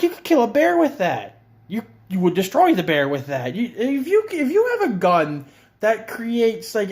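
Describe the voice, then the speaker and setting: A middle-aged man in a friend's house, ranting with heavy swearing, exasperated and sarcastic. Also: high voice. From Canada. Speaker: vlogger. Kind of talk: profane comedic rant.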